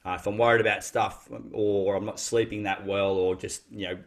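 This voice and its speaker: A man's voice: fairly low pitch, level tone, normal speed. A man, a guest on a casual podcast, talking thoughtfully with frequent restarts. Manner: thoughtful, reflective, many restarts.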